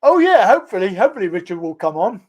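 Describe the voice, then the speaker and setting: A man's voice: high voice, very animated, fast talker, husky. A man with an English accent hosting a casual live stream, chatting with callers and laughing often. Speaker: livestream host.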